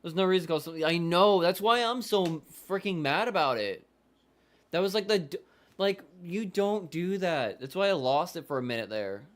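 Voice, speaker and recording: Fired up guy on a live game reaction stream, high voice, swearing nonstop, cranky disbelief. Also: expressive, normal speed. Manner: exasperated, swears constantly, shouts in disbelief; mutters play-by-play updates.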